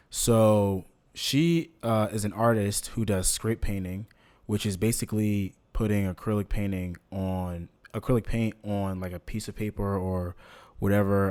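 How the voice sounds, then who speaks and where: A young man hosts a podcast in a casual monologue, his voice fairly low and somewhat dark. He's laid-back and loose, peppering his talk with slang and lots of ums and other filler.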